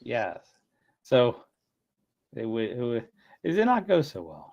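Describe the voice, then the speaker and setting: A man's voice: mid-range voice, wildly swooping pitch, slow pace, creaky, darkish tone, lo-fi sound. A man hosting a casual livestream chat, telling rambling stories and laughing often. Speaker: streamer.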